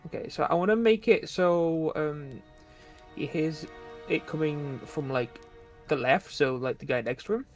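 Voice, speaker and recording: A man's voice: a little high, measured pace, soft background music. A man playing in a tabletop game, explaining his plans hesitantly with fillers. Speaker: player. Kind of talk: casual tabletop play.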